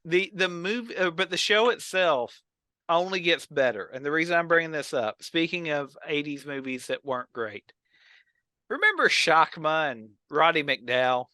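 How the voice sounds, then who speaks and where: Male podcast co-host, bright tone, dry close mic, animated storyteller. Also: on the high side, normal speed, no echo. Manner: animated storyteller, acts out quotes. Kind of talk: casual chat about old films and TV.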